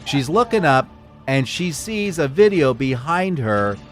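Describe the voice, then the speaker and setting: Over soft background music, a middle-aged man co-hosts a podcast, joking his way through news items and dropping into mock voices. His voice sits on the high side, and he's animated but unhurried.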